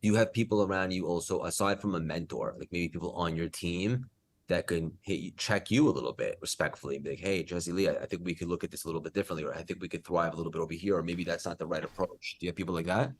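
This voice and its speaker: A man's voice: low voice, fast talker. A man hosting a podcast interview, upbeat and affirming toward his guest. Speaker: podcast host.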